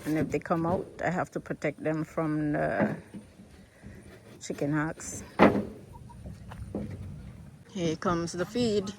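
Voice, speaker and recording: American woman vlogger, unhurried and chatty, recorded outside on a phone. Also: very noisy. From United States. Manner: chatty, talks to animals in a high coaxing voice. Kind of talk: casual vlog narration. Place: outdoors on a farm plot.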